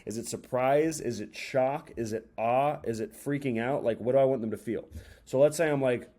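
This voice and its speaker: Energetic young man coaching storytelling. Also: mid-range voice, a little fast. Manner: energetic, acts out example stories with exaggerated emphasis and varied pacing. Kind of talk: casual instructional talk.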